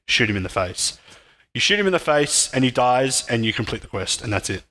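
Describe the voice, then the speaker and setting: A man co-hosting a gaming podcast, telling stories in a deadpan, mock-tragic way. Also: mid-range voice, normal speed. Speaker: podcast co-host. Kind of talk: casual gaming podcast chat.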